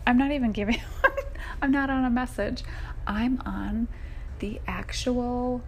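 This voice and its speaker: Raspy just-woken woman hosting. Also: fairly high pitch, darkish tone, slight background noise. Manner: chatty, laughing, rambling. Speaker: podcast host. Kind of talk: casual chat.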